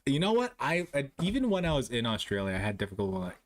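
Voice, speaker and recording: A man's voice: mid-range voice, big pitch swings, quick pace, few pauses. A young man streaming live, chatting casually with his viewers while playing a guessing game, joking at his own expense and laughing often. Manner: jokey, self-mocking, laughs often.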